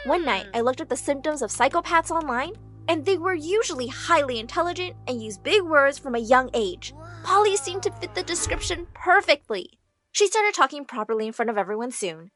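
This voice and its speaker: Brief: woman storytime narrator, high voice, animated delivery, soft music under it. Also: normal speed. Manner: animated, acts out the dialogue. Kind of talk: first-person storytime narration.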